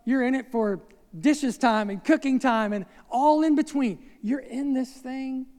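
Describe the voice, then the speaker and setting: A man's voice: very high-pitched, a little slow, darkish tone. A man preaching a sermon in a conversational way, with asides and rhetorical questions to the congregation. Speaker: pastor. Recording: long reverb of a large hall.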